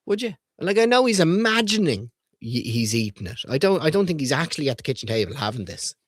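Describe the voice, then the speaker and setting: A man's voice: a little high, big pitch swings, fast talker, no room sound, studio quality. A man streaming as he reads and reviews children's books, joking irreverently, swearing freely and quizzing his viewers. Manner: profane, irreverent and jokey; asks the viewers questions. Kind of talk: casual comedic commentary reading aloud.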